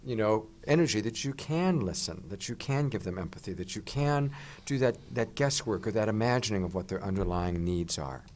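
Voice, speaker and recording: Low-voiced guy on a panel, earnest advice, kinda hesitant. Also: lively intonation, brisk, darkish tone. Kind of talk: conversational advice.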